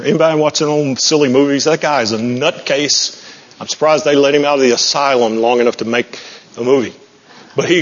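A man preaching a sermon in a church, folksy, joking and self-deprecating. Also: fairly high pitch. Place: church sanctuary. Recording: muffled, with long hall reverb.

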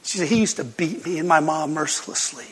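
A folksy older male pastor, storytelling from the pulpit in a high, bright voice with a husky edge. His words ring out through a big hall with long reverb. He flares up into loud bursts when a story heats up. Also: a little fast. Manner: folksy, animated storytelling with sudden loud outbursts and laughs. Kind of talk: sermon storytelling.

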